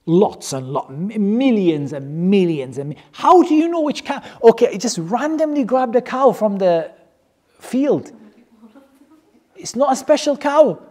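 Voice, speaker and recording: Religious teacher, animated storyteller, mid-pitched, joking, lively rhetorical questions. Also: a little slow. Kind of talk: storytelling lesson to a class.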